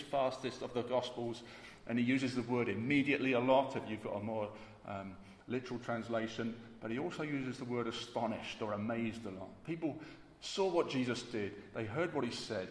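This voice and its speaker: Emphatic male preacher in echoey hall. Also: medium pitch. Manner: emphatic, repeats key words. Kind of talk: sermon. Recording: echoey hall with faint ambience.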